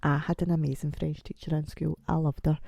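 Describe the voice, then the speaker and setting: Woman, 40s, rambly self-mocking podcast chat, bit low and dark, croaky from a chest infection. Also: little pitch movement, fairly quick. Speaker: podcast host. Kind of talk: casual solo podcast chat.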